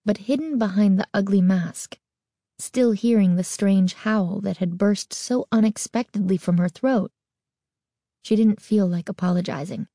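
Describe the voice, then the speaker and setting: Woman narrator for a spooky audiobook: unhurried and suspenseful, with a warm, dry close sound. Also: medium pitch, dry recording. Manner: expressive, suspenseful storytelling.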